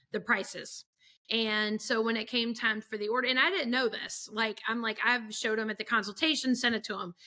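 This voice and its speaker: A woman photographer appears as a guest on a casual podcast, speaking in a sharp, higher-pitched voice. She tells stories chattily, packing them with fillers and acting out quotes.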